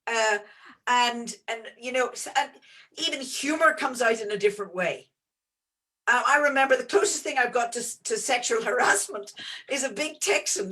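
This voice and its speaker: A middle-aged woman speaking as an interview guest, earnest and expansive, often pausing and restarting her sentences. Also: on the high side, fairly bright tone. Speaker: guest, entrepreneur and geologist. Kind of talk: conversational interview answers.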